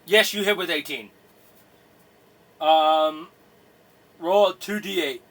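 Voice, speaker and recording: A man narrating a tabletop game as game master, in halting, rambling sentences full of fillers. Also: a little high, fairly bright tone.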